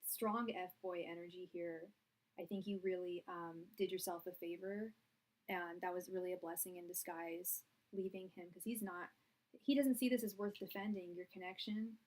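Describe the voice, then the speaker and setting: A woman's voice: fairly low pitch, steady tone, moderate pace, darkish tone. Young woman doing a tarot reading on a live stream, blunt and chatty, talks right to ya. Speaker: tarot reader.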